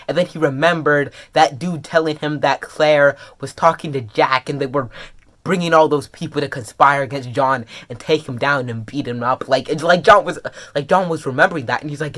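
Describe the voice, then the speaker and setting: A webcomic reviewer in an excited casual review, gushing and filler-heavy, jumping into high squeals and dropping to soft murmurs. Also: normal speed. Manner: drops to soft, low murmurs when serious.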